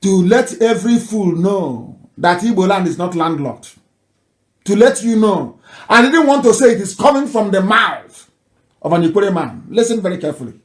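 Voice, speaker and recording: A man hosting a live radio talk, emphatic and repetitive, sometimes rising to near shouting. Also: high-pitched, lively intonation, moderate pace, reverberant. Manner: emphatic, repeats phrases, rises to near shouting. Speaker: radio broadcaster.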